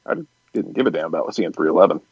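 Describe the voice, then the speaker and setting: A man co-hosting a casual talk show, talking fast and bluntly, with a joking edge. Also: a bass voice, a little mellow, slightly rough, no echo, dull audio. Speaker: co-host. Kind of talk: casual chat.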